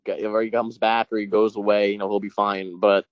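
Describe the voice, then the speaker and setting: Hesitant, low-voiced podcast co-host. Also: male voice, flat delivery, a little fast, clean tone, no echo, muffled recording. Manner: hesitant, lots of 'like' and 'you know', swears. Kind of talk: casual podcast chat.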